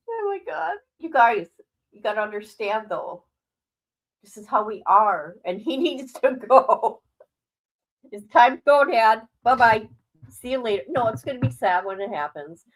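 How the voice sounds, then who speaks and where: A woman's voice: on the high side, sing-song, moderate pace, poor audio. Blunt, frank woman streamer, middle-aged. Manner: blunt, frank, laughs often between remarks. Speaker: livestream host. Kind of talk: casual livestream chat.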